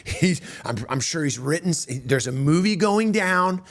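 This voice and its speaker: An animated male comedian tells a self-mocking story. His speech tumbles over itself with restarts and quick asides. His voice sits a touch high for a man. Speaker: stand-up comedian.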